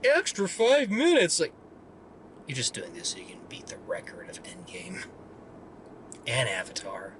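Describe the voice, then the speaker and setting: Bright-voiced joking man co-hosting reviews. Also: on the high side, wildly swooping pitch, measured pace, long pauses, a little hiss or hum. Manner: joking, playful, drifts into sing-song bits. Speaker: movie review co-host. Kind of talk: casual chat.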